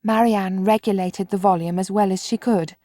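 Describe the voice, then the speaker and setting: A woman narrating an audiobook in a measured, clear storytelling manner. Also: mid-range voice, steady tone, dark tone, no echo, clean studio sound. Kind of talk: scripted narration.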